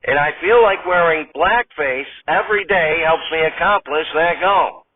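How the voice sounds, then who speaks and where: A man voicing a blunt, unapologetic bigot in an audio sketch, speaking in a flat, matter-of-fact drawl over a tinny, phone-like line. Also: fairly high pitch, a little slow, slight background noise, natural voice. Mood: deadpan.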